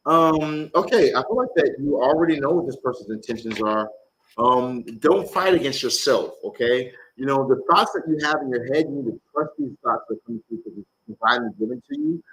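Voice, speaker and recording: A man's voice: mid-range voice, big pitch swings, fairly quick, fairly bright tone, slightly rough, low-quality recording. A man giving live tarot readings to viewers, talking bluntly, animatedly and with casual swearing. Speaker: tarot reader.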